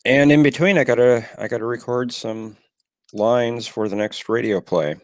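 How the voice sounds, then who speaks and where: A man's voice: medium pitch, normal speed, no room sound, clean studio sound. A man chatting casually as a podcast co-host, easygoing and wry. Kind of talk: casual chat.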